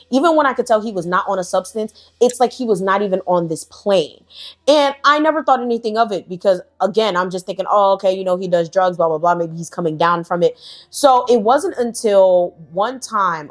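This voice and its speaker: Candid, profane young woman telling a story. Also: medium pitch. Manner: candid, profane, full of fillers like "like" and "right". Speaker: storytelling vlogger. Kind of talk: casual storytime.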